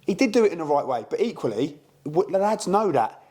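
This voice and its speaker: A British man on a podcast, a co-host and football manager, telling animated stories and acting out quoted exchanges in casual chat. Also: a little high, a little fast. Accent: British English.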